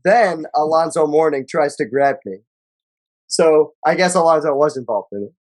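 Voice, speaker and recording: A man's voice: a little high, normal speed, darkish tone. A man co-hosting a casual sports podcast, reading stats and quotes aloud in a loose, profane way. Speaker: podcast co-host.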